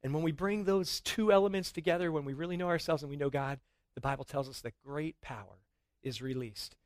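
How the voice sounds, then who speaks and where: A middle-aged man preaching a sermon in a church, earnest and rising to excited emphasis at times. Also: on the high side, fairly quick, no room sound. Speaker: pastor.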